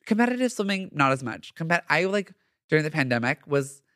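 A man's voice: fairly high pitch, fairly quick, dry recording, clean studio sound. A young man hosting a podcast, chatting casually and gushing with lots of slang. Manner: animated and gushing, heavy slang. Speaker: podcast host. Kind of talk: casual solo podcast chat.

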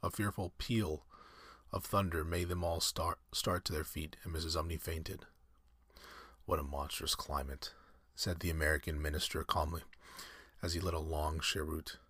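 A man reading a classic story aloud in measured, scripted narration. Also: very deep voice, level tone, a bit bright, breathy edge, dry recording, studio quality.

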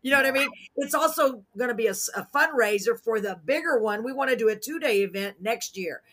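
A woman hosting a live talk show, chatting casually in an excitable, goofy, rambling way and correcting herself as she goes. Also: fairly high pitch, fast talker. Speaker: host of a live radio and web talk show.

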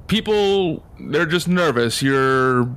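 Acting as game master for a tabletop game, a man describes scenes in a relaxed manner, using fillers. His voice is a little high and smooth, and he takes things slowly.

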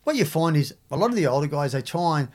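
A middle-aged Australian man with a somewhat high-pitched voice, chatting as a podcast guest. He talks bluntly and profanely, tacks "mate" onto nearly every phrase, and stumbles through restarts. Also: very animated, fast. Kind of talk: casual interview chat.

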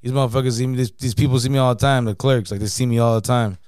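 A man rattling off a story at a brisk clip, loose and slangy, peppered with profanity and "you know what I mean." His voice comes through smooth and clean, dry and close to the mic, in a middle register. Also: mid-range voice, steady tone, a little mellow, no room sound. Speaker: podcast co-host. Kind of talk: casual storytelling chat.

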